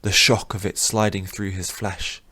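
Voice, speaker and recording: A man narrating a fantasy audiobook in a measured, even manner. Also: on the low side, husky, dry recording.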